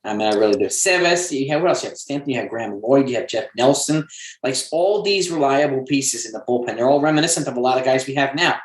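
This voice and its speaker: A man chats on a sports podcast in a relaxed, agreeable way, his voice at an ordinary middle pitch. The sound carries a noticeable room echo, as if recorded in a bare space. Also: fast talker. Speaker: podcast guest. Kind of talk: casual sports podcast chat. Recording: echoey room.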